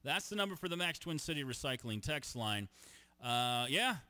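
Lively, bright-voiced radio host man. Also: on the high side, brisk. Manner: playful, teasing, reads phone number and promos. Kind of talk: casual sports radio banter.

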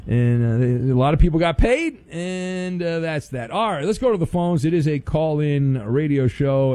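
A man hosts a call-in radio show with a playful, joking manner. His voice is high and swings widely in pitch. The tone stays mellow and dark rather than bright. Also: expressive, normal speed, no room sound. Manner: playful, joking, exaggerated indignation. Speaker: radio host.

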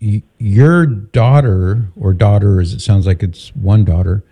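Man, radio host, low mellow voice, calm and measured. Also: breathy edge. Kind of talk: call-in radio advice talk.

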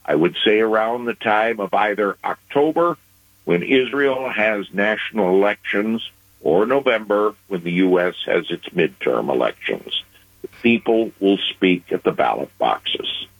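Slow, measured man on a phone line. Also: on the low side, animated, husky, no room sound. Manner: measured, deliberate delivery with emphatic pauses. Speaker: foreign affairs commentator. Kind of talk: analytical news commentary. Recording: phone-line radio audio.

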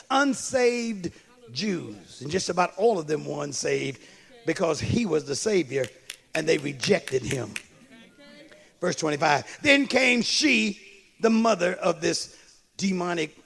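A man pastor preaching a fervent sermon, swinging from shouted lines to low, quick asides. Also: gravelly, slightly rough.

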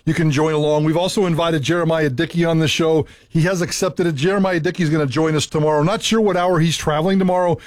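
A man's voice: a little high, fairly even intonation, fast, hardly any pauses, no echo, studio quality. A man co-hosting a sports radio show, casually plugging upcoming segments. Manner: upbeat, promoting upcoming segments.

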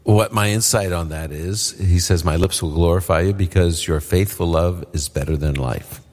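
A deep-voiced man answers audience questions about scripture on a live radio show. He explains in a relaxed, conversational way, with plenty of fillers. The sound has a long reverb from the hall. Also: moderate pace.

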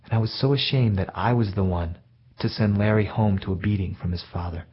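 A male storyteller telling a story from his own childhood in a plain, reflective way with gentle self-mockery. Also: lowish voice, fairly quick, slightly rough. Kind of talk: told personal story. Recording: dull lo-fi recording.

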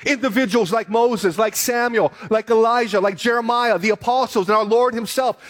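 A pastor preaching to his church, reading scripture aloud slowly and then building to an emphatic appeal. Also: very high voice, fairly even intonation. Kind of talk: sermon.

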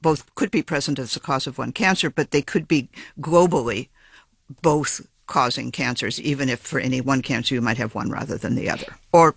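A geneticist in an interview, a man explaining his research with measured, precise academic phrasing and the odd small restart. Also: mid-range voice, gravelly, a bit bright, husky, no room sound.

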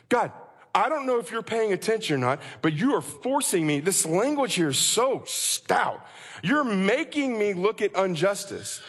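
A man's voice: sits high, very animated, moderate pace, slightly rough. A male pastor preaching a sermon with passion, acting out anguished prayers to God. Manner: impassioned, acts out anguished prayers. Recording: long church reverb.

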